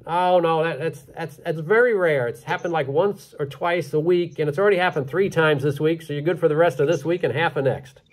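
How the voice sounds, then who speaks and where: A man voicing a gruff male train conductor, speaking slowly and deadpan. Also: on the high side, close to an everyday voice.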